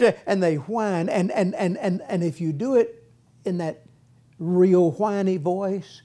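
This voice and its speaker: A man's voice: high voice, a little slow, warm tone. A man preaching a sermon in a folksy way, repeating words and acting out whiny voices, with a congregation answering. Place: church with congregation responding.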